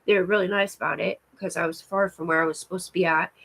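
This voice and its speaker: A woman's voice: on the low side, steady tone, fast, creaky, fairly bright tone, slight background noise, poor audio. A woman rambling through a live stream monologue, full of fillers and restarts, swearing often. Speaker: vlogger.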